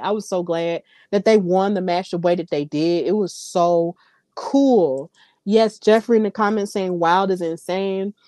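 A woman's voice: fairly low pitch, warm tone, no room sound, studio quality. A woman hosting a podcast, giving casual, opinionated wrestling commentary straight to her listeners. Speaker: podcast host.

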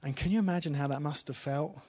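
A man giving an informal church talk to a live congregation, chatty and friendly, asking the room questions and dropping to a hushed voice when he retells the story. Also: a little high, quick pace. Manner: chatty, asks the congregation questions, with small laughs. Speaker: preacher.

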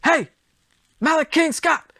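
A man's voice: very high voice, slow, bright, forceful tone, dry recording, studio quality, pitched above the performer's own voice, full character voice. A man putting on the voice of a boastful dead boxing legend, trash-talking a rival in a brash, mocking way. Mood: taunting.

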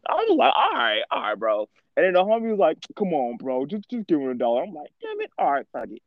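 A man spinning a casual story in loose slang, laughing along as he talks. His voice sits a bit high and comes through dull and dry, as if close to a cheap mic in a small room. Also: huge pitch swings, quick pace, no room sound. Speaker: podcast co-host.

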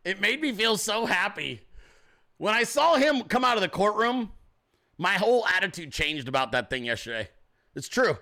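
A man's voice: high voice, very animated, normal speed, bright, forceful tone. A man hosting a podcast, talking in a casual, profane, joking way and often mimicking other people. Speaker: podcast host. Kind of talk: casual political commentary.

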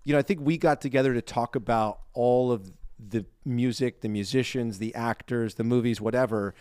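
A man's voice: medium pitch, normal speed, a little mellow, clear, resonant tone, no echo, studio quality. A man co-hosting a podcast in casual chat, speaking earnestly and with heartfelt feeling. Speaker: podcast co-host.

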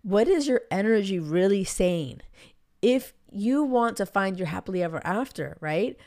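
A young adult woman hosting a casual solo podcast as a dating coach. She gives frank, encouraging advice in a chatty, animated way, full of "like" and fillers. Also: medium pitch, normal speed. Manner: chatty and animated, heavy use of "like" and filler words.

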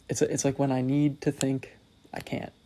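Rambling gravelly young man. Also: medium pitch, monotone, a little slow, mellow, a little hiss or hum. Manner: rambling, self-deprecating, wry. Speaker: solo podcast host. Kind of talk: casual solo podcast monologue.

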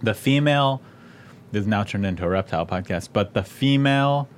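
A man with a slight lisp and a lowish voice, chatting casually as a host. He tells relaxed stories and slips into quoted voices. A faint rumble sits under the recording. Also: a little fast. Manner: relaxed storytelling, acts out quotes. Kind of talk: casual chat.

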